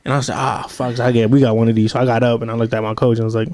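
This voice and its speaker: A podcast host in casual chat, telling rambling, profane stories and acting out what people said. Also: male voice, medium pitch, flat delivery, rapid-fire, darkish tone. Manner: rambling, profane, acts out quotes.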